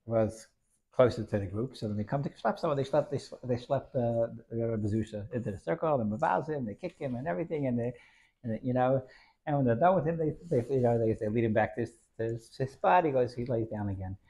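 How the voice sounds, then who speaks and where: A man's voice: mid-range voice, fast talker, warm tone, breathy edge. A man telling a Hasidic story in an informal lesson, rambling with many restarts and dropping in Yiddish and Hebrew terms.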